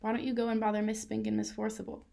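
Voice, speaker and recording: A woman's voice: fairly high pitch, monotone, fast, gravelly, mellow. A woman voicing a busy father who is curt but cheerful.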